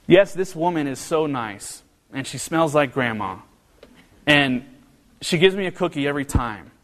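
A man preaching a sermon, earnest and storytelling, his pitch rising when he gets animated. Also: normal speed. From American Midwest. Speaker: pastor. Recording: long hall reverb.

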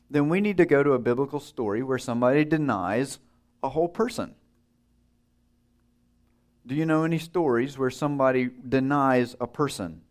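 A male preacher delivering a sermon in an easygoing, conversational voice. He puts questions to his listeners. His pitch sits in the middle range for a man. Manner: conversational, asks the audience questions and acts out the story's voices.

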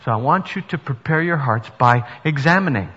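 A man's voice: mid-range voice, expressive, brisk, bright, forceful tone, slightly rough. A male pastor giving an earnest sermon that rises to emphatic preaching in a church. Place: church sanctuary. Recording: dull sound with long reverb in a hall.

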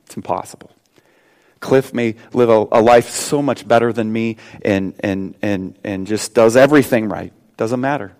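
A male pastor delivering a sermon at a church service, swinging between loud, emphatic preaching and a hushed prayer, often repeating and restarting his words. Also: lowish voice, fairly even intonation, moderate pace, hardly any pauses.

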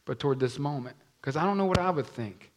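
Animated man preaching a sermon. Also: on the high side, fast talker, a little hiss or hum. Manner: animated, acts out scripture voices, talks to the congregation. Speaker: pastor.

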